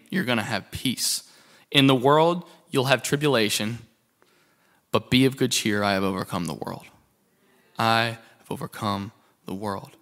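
Young male pastor, sermon delivery, passionate, mid-pitched. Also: fairly bright tone. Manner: passionate, rising and falling emphasis, rhetorical questions.

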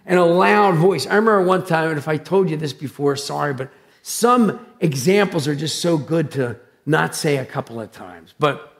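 A male pastor with a high, gravelly voice delivers his sermon. He talks loudly and with animated drama, throwing himself into his stories. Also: normal speed. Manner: loud, animated, dramatic storytelling. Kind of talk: sermon with personal storytelling.

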